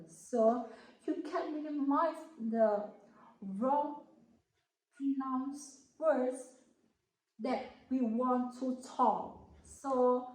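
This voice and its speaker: Woman explaining a lesson, slow and careful, kinda high voice, super echoey room. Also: a little mellow. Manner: slow, halting, careful over each word. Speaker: student presenter. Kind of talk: classroom explanation.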